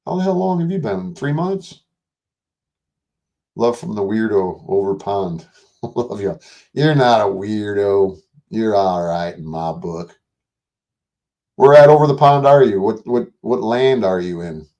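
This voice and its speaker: A man's voice: fairly low pitch, lively intonation, measured pace, long pauses, dark tone. Profane older man hosting a livestream. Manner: rambling, profane, jokey, reads out chat. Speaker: livestream host. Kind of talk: casual livestream chat.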